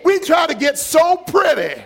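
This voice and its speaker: A man preaching a live sermon, shouting and calling out to the congregation, repeating words for emphasis. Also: extremely high pitch, big pitch swings, a little slow, creaky, some chatter behind. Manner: fiery, shouting, call-and-response with congregation; acts out quoted voices and repeats words for emphasis.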